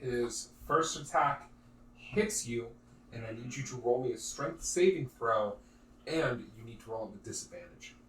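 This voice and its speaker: A man's voice: medium pitch, normal speed. A man running a tabletop game as game master, calling out attacks and damage in a matter-of-fact way and patiently explaining the rules. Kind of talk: narrating tabletop combat. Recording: roomy, distant mic, faint noise.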